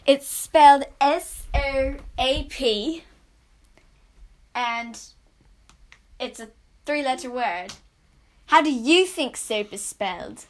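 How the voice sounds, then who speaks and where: Silly young woman, high slow voice. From United States. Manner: giggly, silly, puts on mock Australian accent. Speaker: podcast co-host. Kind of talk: casual chat.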